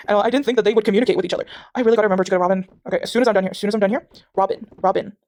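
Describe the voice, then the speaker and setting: At home with her dog beside her, a young South African woman from Durban chats over a video game, rambling with lots of restarts and fillers. The gaming vlogger speaks rapid-fire in a medium-pitched, slightly mellow voice.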